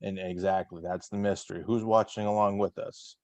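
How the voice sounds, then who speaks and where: Low-voiced man hosting a chatty recap. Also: little pitch movement, normal speed, darkish tone, no echo. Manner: rambling, many fillers and restarts. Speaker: podcast host. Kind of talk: casual chat.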